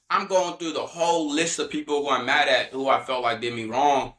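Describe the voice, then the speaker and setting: A young man talks through his faith testimony as a podcast guest, in a bright, forceful voice at an ordinary pitch. His delivery is earnest and loose, and he keeps reaching for casual fillers as he tells his story. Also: fairly even intonation, brisk. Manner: earnest, loose, heavy on "you know" fillers.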